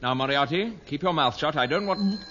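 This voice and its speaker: A smooth scheming conman. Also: a little high, animated, a little fast, a bit bright, highs cut off. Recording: old radio comedy recording, noisy, audience laughter.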